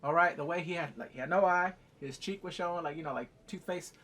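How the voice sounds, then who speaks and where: A man's voice: fairly high pitch, fast talker. A man giving a casual, profane recap of a TV episode. He acts out the scenes as he talks. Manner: animated, profane, acting out scenes. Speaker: TV show reviewer.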